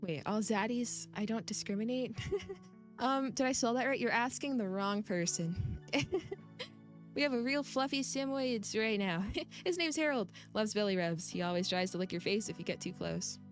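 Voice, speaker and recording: A woman's voice: medium pitch, expressive, moderate pace, faint music behind. A woman streamer chatting casually with her viewers and reading game text aloud, giggling often and rambling.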